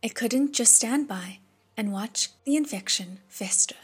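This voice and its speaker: A woman voicing a gentle young male prince in an audiobook, speaking softly and earnestly. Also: a little high, measured pace, slightly rough. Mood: shaken.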